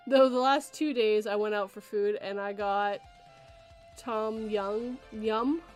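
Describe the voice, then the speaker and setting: A woman from Canada hosting a casual podcast chat, talking in an animated, chatty way and laughing often. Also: medium pitch, slow, faint music behind. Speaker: podcast host.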